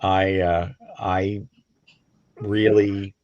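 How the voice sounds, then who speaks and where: A man with a very deep voice joins a live online show as a guest, talking hesitantly and restarting often. His audio sounds dull and dry, as if it comes from a remote connection. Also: level tone, extremely slow, dry recording. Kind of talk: casual live-stream chat.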